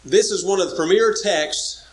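A man's voice: high voice, normal speed, rough recording. A man preaching an evening sermon, emphatic and repetitive, often checking in with his listeners. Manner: emphatic, repeats words, checks in with "all right?" and "okay?".

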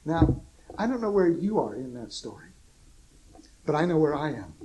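Male preacher, fairly high voice, folksy and emphatic, soft asides against loud exclamations. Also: sing-song, moderate pace, a little hiss or hum, rough recording. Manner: chuckles at his own jokes. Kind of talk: sermon.

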